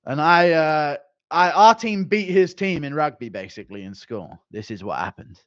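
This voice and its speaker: With a slightly high voice at a moderate pace, a young man banters with his live stream chat, answering messages in an animated, joking way with some mild cursing. The audio is lo-fi, with no room sound.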